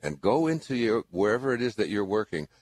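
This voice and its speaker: A husky older man hosts a call-in show. His low voice leaps around with lively rises and dips. He rambles earnestly and restarts his thoughts often as he gives spiritual advice. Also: a little fast, no room sound. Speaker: radio show host.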